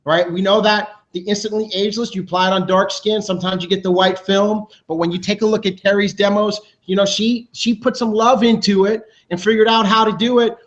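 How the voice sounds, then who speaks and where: A man hosting a team video show, announcing awards with high energy, talking fast and restarting his sentences. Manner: energetic, hyped, talks fast with loose restarts. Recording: dull lo-fi sound.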